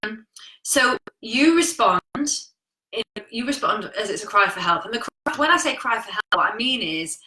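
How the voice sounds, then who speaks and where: A woman's voice: on the high side, lively intonation, moderate pace, bright, forceful tone, echoey room, poor audio. A woman coaching viewers on relationships and communication in a frank, chatty live talk, swearing casually. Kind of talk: live-streamed talk reading viewer comments.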